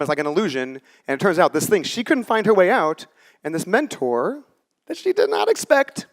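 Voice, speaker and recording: A man in his forties giving a conversational, story-driven talk on a conference stage and acting out the lines he quotes. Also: fairly high pitch. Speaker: conference speaker. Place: conference stage before a live audience.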